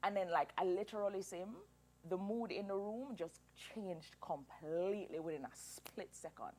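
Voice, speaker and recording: A woman in her thirties telling a personal story as an interview guest, animated and emotional, laughing through tears. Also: medium pitch, normal speed. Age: 30s.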